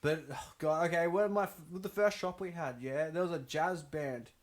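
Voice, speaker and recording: A man hosting a casual chat, telling animated stories and swearing freely. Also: a little high, normal speed. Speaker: host.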